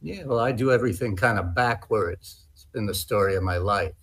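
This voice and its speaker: A man's voice: on the low side, brisk, fairly bright tone, breathy edge. A man improvising an eager, fawning actor at an audition. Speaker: improv performer.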